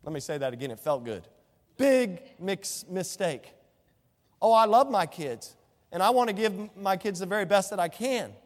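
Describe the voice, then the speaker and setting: A man's voice: high-pitched, lively intonation, fast talker, long reverb tail. A male pastor preaching a sermon, quoting scripture and asking the congregation rhetorical questions.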